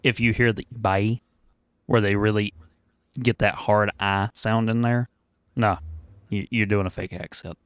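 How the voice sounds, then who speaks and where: A man co-hosting a casual podcast chat, telling stories in a relaxed way with small fillers. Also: fairly low pitch, normal speed, clear, resonant tone, dry recording, clean studio sound. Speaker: podcast co-host.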